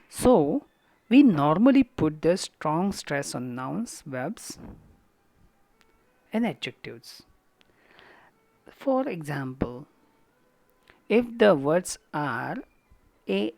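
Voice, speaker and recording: A woman with an Indian English accent delivers a college lecture in a low, unhurried voice. She speaks deliberately, pausing often and restarting her phrases. The sound is close and dry. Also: darkish tone, no room sound. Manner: halting, deliberate, with fillers and restarts.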